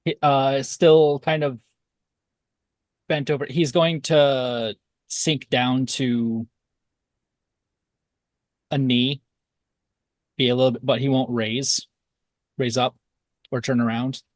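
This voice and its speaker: Tabletop player, man, unhurried and plain. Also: medium pitch, steady tone, no room sound.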